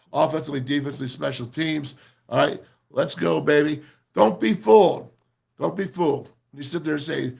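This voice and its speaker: A man's voice: medium pitch, vocal fry, breathy edge. A man hosting a sports radio show, giving an emphatic, fired-up talk that keeps repeating itself and calls everyone man and brother.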